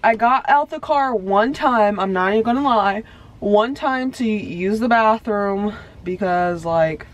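A woman's voice: medium pitch, unhurried, dull audio. Chatty young woman vlogging from her car. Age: early 20s. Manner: chatty, rambling, with many fillers. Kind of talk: casual vlog chat. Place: inside a parked car.

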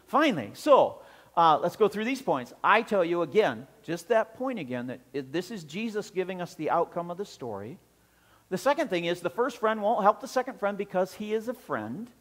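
A man preaching a sermon as pastor, animated and acting out the scenes with voices, heard with long church reverb. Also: high-pitched, normal speed.

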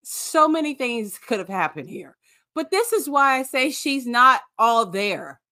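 A woman's voice: sits high, big pitch swings, a little slow, pushed and bright. A woman guest on a podcast, chatting casually with blunt, sarcastic commentary. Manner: blunt, sarcastic trash-talk. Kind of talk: casual recap chat.

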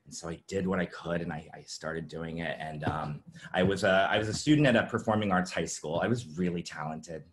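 Man, low voice, halting and filler-heavy, telling his own story at an online summit. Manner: halting, many fillers and restarts. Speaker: presenter sharing his story. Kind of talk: personal testimony talk. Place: virtual summit presentation.

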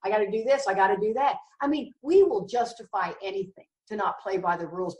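A woman's voice: medium pitch, fast talker, a little mellow, distant mic. A middle-aged woman talks frankly about recovery, driving her points home with blunt emphasis and dry humor. She sounds set back from the microphone, and the room around her rings with echo. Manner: emphatic, blunt and wryly joking. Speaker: recovery meeting speaker. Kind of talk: candid recovery talk. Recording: echoey room, voice from the mic.

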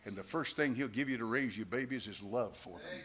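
Speaking a little fast in a mid-range voice, this preacher drives his sermon with repeated phrases, dropping to quiet asides before rising into loud, fervent appeals.

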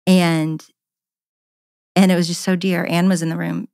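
Low-voiced woman telling a personal story. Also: level tone, measured pace, vocal fry, darkish tone, dry recording, clean studio sound. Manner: earnest, passionate, repeats words when emotional. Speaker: podcast guest.

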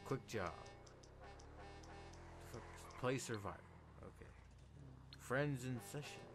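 Excitable young man commentating a game. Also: medium pitch, music in the background. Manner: excitable, swearing, quick jumps into loud outbursts. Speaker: gameplay video host. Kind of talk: casual gaming commentary.

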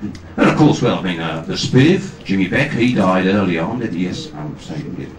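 A man, a guest actor at a fan convention, telling self-deprecating anecdotes on stage with halting restarts. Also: sits low, lively intonation. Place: large hall with audience. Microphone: far camera, amateur video. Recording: echoey hall from far off, noisy amateur video.

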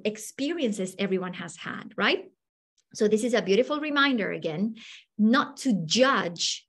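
A woman who gives a storytelling lecture to teachers and acts out the people in her stories. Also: mid-range voice. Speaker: teacher trainer.

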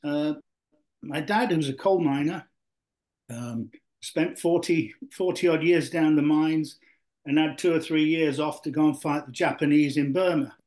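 A man's voice: a little high, measured pace, a little mellow. An older man from Yorkshire, a former footballer being interviewed, telling long stories full of fillers and restarts. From Yorkshire, England. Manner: rambling with many fillers and restarts. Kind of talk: storytelling interview.

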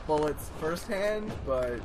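Slow, teasing man joking over a game. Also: fairly high pitch, expressive, music in the background. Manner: teasing, swears, laughs often. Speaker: let's play commentator. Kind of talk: casual gameplay commentary.

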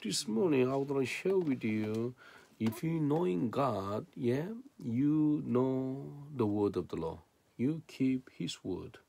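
A man's voice: medium pitch, expressive, slow, vocal fry, dark tone. A man preaching a sermon in non-native English, reading scripture and then explaining it with rhetorical questions.

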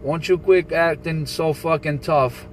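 A man from New Jersey on a CB radio channel, calmly teasing and laughing at a rival. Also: a little high, measured pace, a little hiss or hum, low-quality recording. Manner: taunting, laughing, calm and teasing. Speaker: CB radio operator recording his channel. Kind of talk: casual radio banter, mocking.

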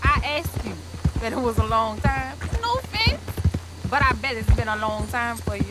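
A woman's voice: fairly high pitch, very animated, moderate pace. An actress playing a stranded, distrustful older Cajun woman who rambles in folksy, broken grammar with a Cajun accent. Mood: chatty. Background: game music and horse hooves.

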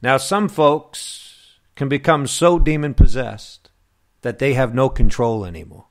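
A man preaching a sermon to his listeners, slow and emphatic, with long pauses. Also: mid-range voice. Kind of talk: radio sermon.

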